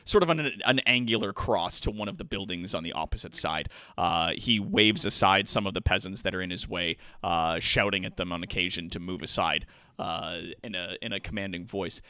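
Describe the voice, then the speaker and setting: A man narrating as game master for a tabletop game, with a rambling, halting delivery full of fillers. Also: low-pitched, bright, forceful tone, clear, resonant tone, no room sound.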